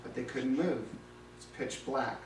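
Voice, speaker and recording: A man's voice: medium pitch, measured pace, a little hiss or hum. A man giving a vivid, conversational retelling of a Bible story as a lay preacher. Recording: roomy, distant mic.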